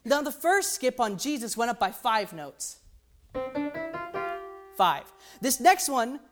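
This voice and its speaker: With music in the background, a music teacher speaks slowly in a fairly high voice with big pitch swings as she walks through how a hymn's melody works. Her tone is conversational, punctuated by "right?" check-ins and a musing "interesting."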